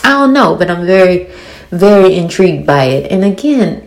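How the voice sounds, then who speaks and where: A woman in her forties with a thick Louisiana accent, giving a blunt, animated, swearing recap of a TV episode full of rhetorical questions. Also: on the low side, moderate pace, creaky. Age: 40s. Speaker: TV show reviewer. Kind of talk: casual episode recap and commentary.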